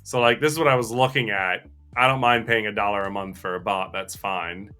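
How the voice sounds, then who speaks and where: A man's voice: lowish voice, steady tone, a little fast, sharp tone, soft background music. A man co-hosting a live coding stream, chatting casually and thinking aloud in a self-deprecating way.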